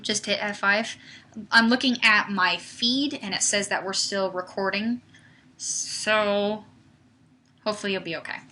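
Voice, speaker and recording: A young livestream host with a sharp-toned, mid-range voice speaks unhurriedly while responding to viewer questions. Her talk is chatty and casual, full of "like" and "um."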